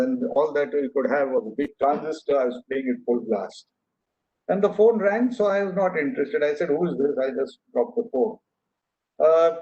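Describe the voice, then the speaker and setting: Speaking to an audience in an echoey hall, an older man from India tells earnest anecdotes, often using fillers and restarting his sentences. His voice is a little high and warm, and the recording is dull and lo-fi.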